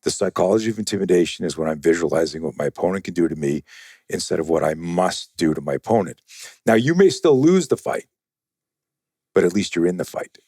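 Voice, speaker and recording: A man being interviewed as a self-defense trainer, telling animated, profane stories and acting out other people's voices. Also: low voice, a little fast, dry recording, studio quality. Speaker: guest, self-defense and fear-management trainer. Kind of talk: conversational storytelling in a podcast interview.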